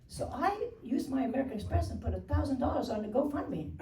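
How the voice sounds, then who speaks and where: An older woman comic works the stage with a rambling, self-deprecating patter, often laughing at her own jokes. Her voice is fairly high and mellow. She sounds roomy and far from the mic, with faint room noise behind her. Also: very animated, quick pace. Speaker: stand-up comedian. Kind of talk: stand-up comedy routine. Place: stage before a live audience.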